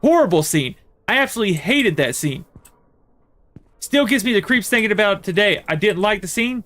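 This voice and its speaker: Guy streaming a horror game, kinda high voice, rambles on with lots of uhs and likes. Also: lively intonation, brisk, pushed and bright, faint music behind. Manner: rambling storyteller, many fillers and restarts. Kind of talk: casual chat while playing a horror game.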